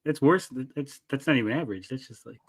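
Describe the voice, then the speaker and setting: A man's voice: medium pitch, fast talker. A man in casual podcast chat, laid-back, blunt and joking. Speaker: co-host.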